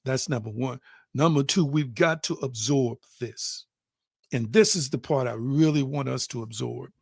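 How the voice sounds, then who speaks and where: A man's voice: mid-range voice, moderate pace, creaky, darkish tone, slightly rough, no room sound, studio quality. A man delivering an online spiritual teaching, emphatic, repeating phrases for stress and calling his listeners family.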